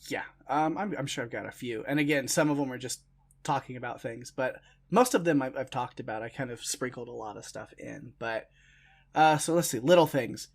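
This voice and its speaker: A young man co-hosting a casual film podcast. He speaks at a middle pitch and talks things through loosely, with plenty of "uh" and "you know" along the way. He laughs easily between points. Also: brisk, vocal fry. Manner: relaxed, rambling, frequent fillers and laughs. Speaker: podcast co-host.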